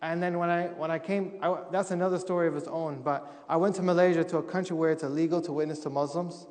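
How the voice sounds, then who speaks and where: A man's voice: fairly high pitch, fairly even intonation, brisk, darkish tone, long reverb tail. A young man giving a humorous missionary testimony to a congregation, acting out what people said. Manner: humorous storytelling, acting out quotes. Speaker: missionary speaker. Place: church sanctuary.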